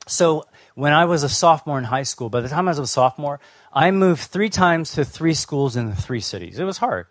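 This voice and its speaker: A man's voice: a little high, no room sound. Conversational male pastor preaching. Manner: conversational storytelling with fillers and restarts. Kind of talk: sermon.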